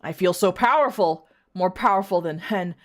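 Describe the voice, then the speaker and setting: A woman's voice: on the low side, normal speed, lightly acted. A woman voicing a lovestruck, brooding young man in an earnest voice as she reads a story aloud. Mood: triumphant.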